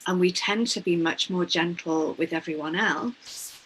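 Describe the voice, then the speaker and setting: A woman hosting a spiritual conversation, soft and affirming, reflecting thoughtfully on what her guest says. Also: lowish voice, measured pace, a little hiss or hum, low-quality recording. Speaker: host.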